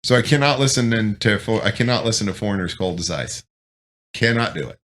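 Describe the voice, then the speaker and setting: Animated, profane male storyteller. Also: lowish voice, a little fast. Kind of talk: casual chat.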